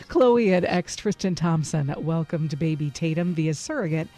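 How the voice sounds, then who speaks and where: A woman's voice: lowish voice, expressive, a little slow, darkish tone, soft background music. A woman hosting a radio show, chatting through entertainment news and quizzing her co-host. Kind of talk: casual entertainment news chat.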